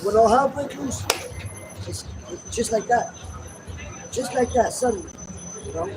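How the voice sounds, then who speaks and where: A man's voice: very high voice, a little slow. A man explaining his views in a conversational way on the street, often checking in with "you know?". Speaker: street preacher. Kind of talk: street ministry discussion. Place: city street outdoors. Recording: loud street traffic. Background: traffic noise.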